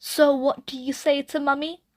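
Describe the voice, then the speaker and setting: Woman playing a stern storybook mum, scolding, slightly raised pitch. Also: level tone, normal speed, close to an everyday voice. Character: cross, stern mother of a small child.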